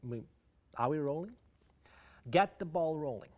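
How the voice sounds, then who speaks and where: A man's voice: on the high side, animated, unhurried, darkish tone. A man with a Ukrainian accent giving an online English lesson, explaining idioms and asking viewers to answer in the chat. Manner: explains idioms, switching between English and Russian. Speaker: English teacher. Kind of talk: online lecture.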